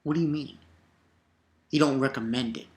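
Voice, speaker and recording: A man talks through a comic chapter in a loose, rambling vlog, getting worked up and dropping swear words as he goes. His voice sits at an ordinary middle pitch. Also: normal speed. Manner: excitable, rambling, swears often. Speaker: comic reviewer. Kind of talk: casual comic review vlog.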